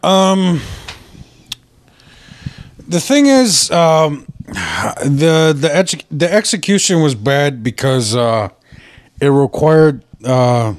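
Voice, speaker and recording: A man's voice: fairly high pitch, very slow, long pauses. A man co-hosting a podcast, telling stories in casual banter and swearing freely. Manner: animated storytelling, swears a lot. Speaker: podcast co-host.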